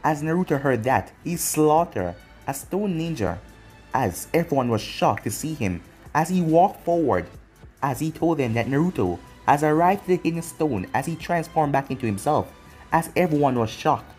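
A man's voice: fairly high pitch, lively intonation, moderate pace, a little mellow, soft background music. A man narrating a fan fiction story in long run-on sentences chained together.

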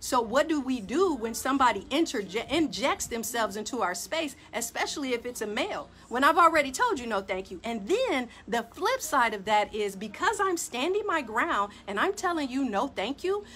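A woman hosting a talk show, telling a personal story in an animated, emphatic way and speaking straight to her listeners. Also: sits high, normal speed, few pauses, a little hiss or hum. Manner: animated, emphatic, addresses audience directly. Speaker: podcast host.

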